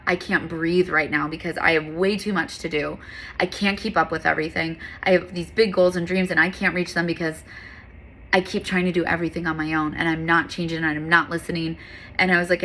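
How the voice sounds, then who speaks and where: A woman's voice: on the low side, bright, forceful tone. A woman yoga instructor talking in an earnest, candid, heartfelt monologue, with frequent fillers.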